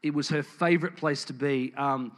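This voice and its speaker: A man's voice: fairly high pitch, fairly even intonation, moderate pace. A man preaching a sermon in church, candid and storytelling, with frequent ums and restarts. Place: church building with congregation.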